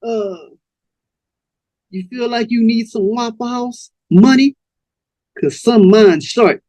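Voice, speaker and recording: A man voicing a smooth, cold-hearted male pimp who talks in a slow, cool, menacing drawl. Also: extremely high pitch, darkish tone, no echo, voice pushed up.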